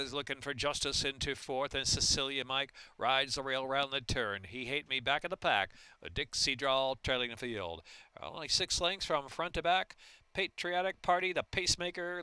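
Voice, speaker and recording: A man calling a horse race, building to rapid excitement down the stretch. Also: mid-range voice, clean tone, no echo. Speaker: race caller.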